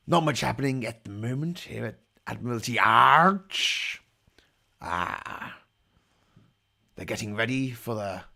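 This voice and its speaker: Host, man: gravelly, bright voice, lively pitch, riffing in a mock pirate voice on a live stream. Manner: jokey pirate-talk persona, growling "yar" and "aye"; rambling, irreverent asides. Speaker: livestream host.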